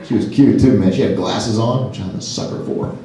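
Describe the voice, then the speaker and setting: A man doing a stand-up comedy set to a live audience, self-deprecating and quick to jump into silly high voices. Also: warm tone, a little hiss or hum. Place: large hall with a live audience. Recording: echoey hall from afar, crowd laughter.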